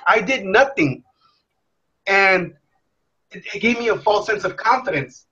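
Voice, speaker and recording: A young man telling a candid personal story in a blunt, profane, animated way. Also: sits high, unhurried, husky. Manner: profane, blunt, animated, acts out his past self. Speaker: motivational speaker. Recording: dull lo-fi sound.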